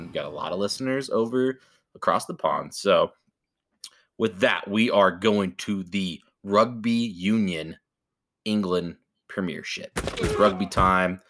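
A man's voice: fairly low pitch, background noise. A man hosting a casual sports chat podcast, laid-back and joking. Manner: laid-back, joking, calls cohost baby. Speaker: podcast host.

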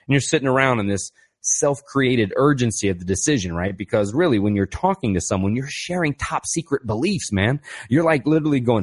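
A man's voice: medium pitch, expressive, brisk, hardly any pauses, breathy edge. A man hosting a podcast, talking through self-help advice in a blunt, casual way, swearing freely and asking rhetorical questions. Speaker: podcast host and author.

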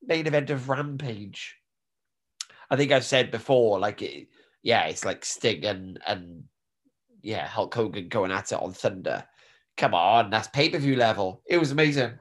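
A man in his thirties from the UK, hoarse from pollen, co-hosting a podcast in jokey, rambling casual chat. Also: lowish voice, a little slow. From United Kingdom. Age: 30s. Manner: jokey, rambling wrestling fan. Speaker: podcast co-host.

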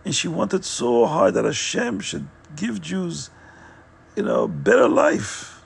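A man's voice: sits high, very animated, takes it slowly, creaky, breathy edge. A man hosting a podcast, earnestly retelling a religious tale with plenty of repetition. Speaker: storyteller, podcast host. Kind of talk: religious storytelling.

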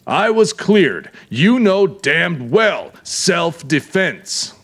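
A surly aging tough who bristles at everything, as a male narrator puts him on. His voice sits high and strained as he grumbles back defiantly. He talks in lively, bouncing contours. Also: a little slow. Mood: defiant grumbling. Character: surly aging man, gun-toting warehouse owner. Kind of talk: audiobook character voice.

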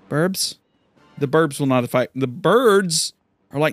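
A man's voice: fairly high pitch, animated, unhurried, no room sound, faint music behind. A man giving casual, rambling commentary while playing a video game, often incredulous at what happens. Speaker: gamer. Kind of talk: let's play commentary.

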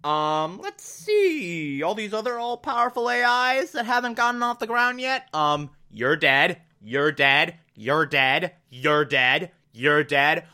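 A man voicing an all-powerful artificial intelligence that briskly dismisses its rivals one after another. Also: fairly high pitch, lively intonation, pushed and bright, clean tone, full character voice. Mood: dismissive. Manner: brisk, offhand, repetitive.

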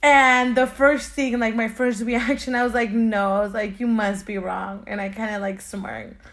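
High-voiced woman telling her story. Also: moderate pace. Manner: animated storytelling, acting out quoted lines, laughing; quieter and subdued when recounting the loss. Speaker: podcast co-host. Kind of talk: casual chat, telling a personal story.

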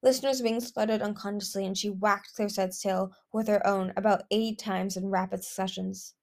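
A woman reading a fantasy novel aloud, narrating between the characters' lines and pausing now and then to fix small slips. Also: medium pitch, steady tone, creaky. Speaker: audiobook reader.

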